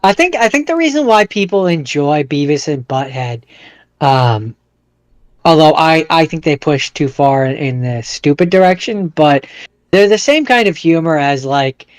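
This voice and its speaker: A man's voice: fairly high pitch, expressive, unhurried, no echo. A man co-hosting a casual movie podcast, giving wry, short reactions and musing comments. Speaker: podcast co-host.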